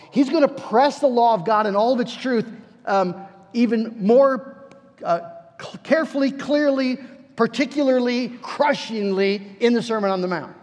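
Pastor, man, high voice, earnest sermon delivery with repeated words, long church-hall reverb. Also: a little mellow. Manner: earnest, pleading, slows down for emphasis; repeats words as he searches for the next.

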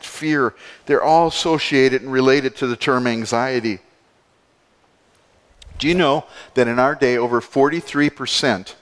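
Male pastor, expressive sermon, reverberant church hall. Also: mid-range voice. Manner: expressive preaching, swings between soft and emphatic.

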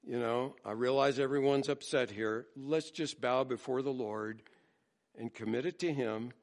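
A pastor preaching a sermon in an earnest, emphatic way, slowing down dramatically on scripture. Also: male voice, medium pitch.

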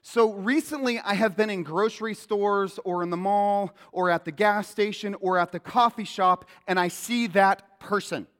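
A man preaching a sermon as pastor, animated and acting out quoted lines in a loud voice. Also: sits high, normal speed, hardly any pauses. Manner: animated, acts out quotes loudly. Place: church sanctuary. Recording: long hall reverb.

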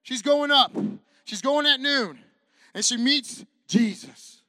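Male pastor, very high and bright voice, animated and repetitive, acts out the characters in his sermon. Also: slow pace. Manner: walks around while preaching. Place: church sanctuary with a congregation.

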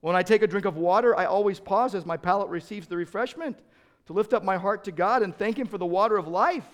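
Middle-aged male pastor, high voice, dynamic sermon delivery with loud and soft swings. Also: fast talker. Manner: dynamic preaching, swings from loud emphasis to quiet.

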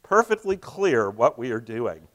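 Evasive elderly bureaucrat, wordy and noncommittal, read by a man, pitch swinging about. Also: very animated, a little slow, fairly bright tone. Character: vague evasive elderly male official.

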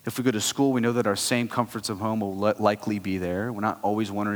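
A man in his thirties preaching a sermon as a pastor, talking in a conversational, animated way with frequent asides. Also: fairly low pitch, fast. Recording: long hall reverb.

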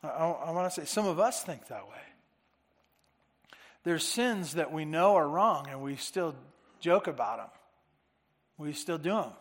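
High-voiced preacher in a reverberant hall. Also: male voice, lively intonation, unhurried, long pauses. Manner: earnest, repeats phrases for emphasis. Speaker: pastor. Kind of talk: sermon. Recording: long reverb of a large hall.

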